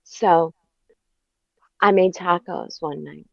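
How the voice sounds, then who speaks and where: A woman in casual stream chat, telling laid-back, deadpan stories and swearing casually. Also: lowish voice, takes it slowly, gravelly, no room sound, dull audio.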